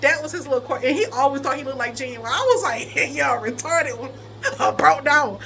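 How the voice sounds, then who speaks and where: A young adult woman in casual storytelling chat, animated, often laughing and breaking into high squeals. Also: a little fast, creaky, slight background noise. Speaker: vlogger telling a personal story.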